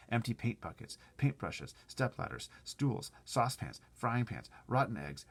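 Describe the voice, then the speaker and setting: A man's voice: fairly low pitch, expressive, normal speed, hardly any pauses, sharp tone. A man reading a children's book aloud, stopping for chatty asides to his listeners. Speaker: storyteller.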